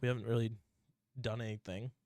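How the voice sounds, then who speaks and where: A man's voice: mid-range voice, flat delivery, brisk, a little mellow, no room sound. Young northern guy ribbing his cohost, swears constantly, dry close-up mic. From northern United States. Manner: teasing, profane and mocking. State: lingering cough. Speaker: podcast co-host. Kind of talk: casual podcast chat.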